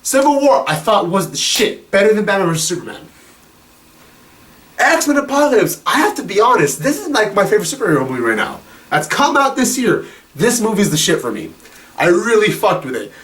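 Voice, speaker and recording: A man's voice: high-pitched, very animated, brisk, fairly bright tone. A young man giving a casual, profane film review, rambling with lots of fillers, a little distant from the mic. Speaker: movie reviewer.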